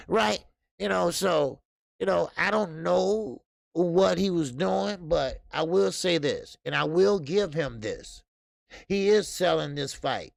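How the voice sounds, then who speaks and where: A gravelly-voiced man hosts a boxing livestream and chats loosely with his viewers, swearing freely and laughing hard. His voice is close to the mic in a dry room. The talk rambles and keeps doubling back. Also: a little high, expressive, a little slow, dry recording. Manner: loose and profane, reading out chat comments, bursts of laughter. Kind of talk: casual livestream chat.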